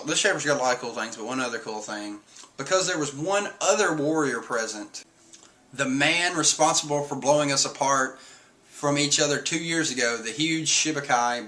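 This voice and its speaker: A man's voice: mid-range voice, pushed and bright. A man casually recapping a manga chapter in a rambling way, full of fillers, often reading out character lines.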